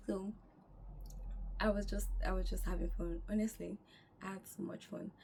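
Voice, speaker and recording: A woman's voice: medium pitch, unhurried, creaky, slight background noise. Chatty young woman vlogging outdoors. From Nigeria. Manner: animated, chatty, acts out quoted dialogue. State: tired. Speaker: travel vlogger. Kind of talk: casual storytelling vlog.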